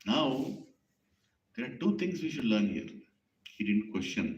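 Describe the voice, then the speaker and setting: A man's voice: medium pitch, sing-song, a little slow. A man giving a devotional sermon, explaining terms with rhetorical questions and telling a story. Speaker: preacher. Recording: echoey, dull lo-fi hall recording.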